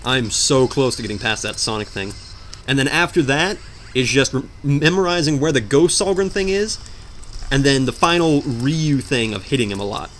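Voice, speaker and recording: A man's voice: mid-range voice, expressive, normal speed, a bit bright, a little hiss or hum. A young man doing let's play commentary while gaming, rambling and joking with melodramatic outbursts. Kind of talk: game commentary.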